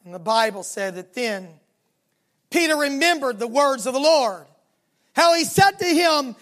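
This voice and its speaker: Southern-accented preacher with a high voice. Storytelling sermon, dramatic, slow and low on the key lines. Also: animated, fairly bright tone. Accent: Southern American. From Southern United States. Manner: dramatic storytelling, slowing down and dropping low for emphasis.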